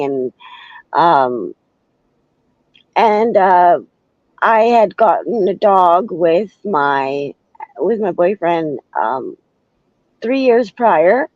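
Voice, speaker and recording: A woman in her thirties from Canada talks haltingly, full of restarts and ums, often checking in with "right?". The audio is dull and lo-fi, and the room sounds dry and close. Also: medium pitch, a little mellow, no echo. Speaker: podcast guest. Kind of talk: candid conversation.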